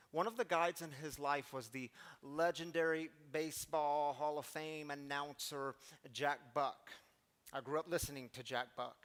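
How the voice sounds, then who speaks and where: The speaker is a middle-aged recovery community leader whose voice sits on the high side and sounds a bit bright. He gives a heartfelt motivational talk, acting out pleading quotes with escalating intensity.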